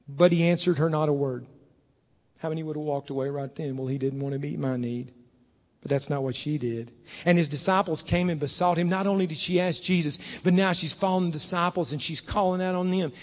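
A man preaching a sermon in a church, moving between hushed, low passages and loud, fervent stretches. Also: fairly quick. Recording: long hall reverb.

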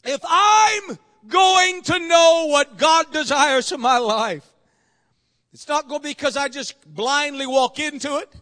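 A man with a very high voice preaches a revival sermon. He swings between hushed, low confiding talk and shouted, climbing exhortation. His phrasing is folksy, and he keeps calling for an amen. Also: unhurried, long reverb tail. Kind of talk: revival sermon with call and response.

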